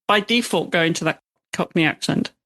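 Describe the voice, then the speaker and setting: A woman's voice: fairly low pitch, a little fast, fairly bright tone. A woman hosting an interview in an easygoing manner, with frequent ums and yeahs. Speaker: podcast host. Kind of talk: casual interview chat.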